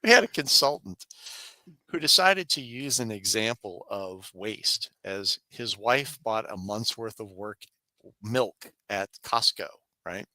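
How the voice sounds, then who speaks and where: A man's voice: takes it slowly, no echo. A man co-hosting a podcast, telling a work story in casual chat, laughing often and acting out coworkers. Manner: animated storyteller, laughs often, acts out coworkers in higher voices. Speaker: podcast co-host.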